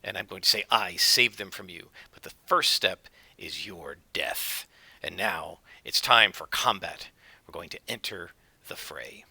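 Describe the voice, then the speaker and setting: A man playing a low menacing cult leader woman. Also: a little slow, vocal fry, sharp tone, husky, no echo, exaggerated voice. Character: menacing female cult leader, gloating and cruel.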